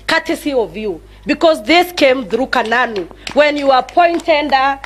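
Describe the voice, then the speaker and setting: A woman's voice: sits high, fairly bright tone. A Kenyan woman giving an impassioned campaign speech at a political rally as a candidate for office. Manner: impassioned, mixing English and Swahili. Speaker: political aspirant.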